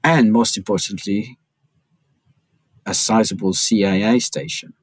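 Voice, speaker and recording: A man, a journalist and author, telling a story as a podcast guest in an animated, chatty way. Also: fairly low pitch, a little slow, dry recording, low-quality recording.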